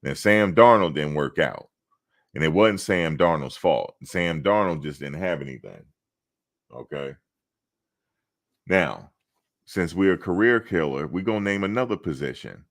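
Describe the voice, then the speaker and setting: Super deep raspy guy on a sports stream, reading chat and teasing people back. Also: animated, measured pace, pauses often, a bit bright. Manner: teasing, talks back to chatters. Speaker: sports channel host. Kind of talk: casual livestream chat, reading viewer comments.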